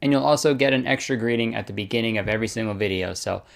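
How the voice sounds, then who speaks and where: A young man with a lowish, gravelly voice talks very fast, reading fan fiction aloud as a comedy YouTuber. His commentary is casual and sarcastic, full of swearing, frequent laughter and plenty of "dude."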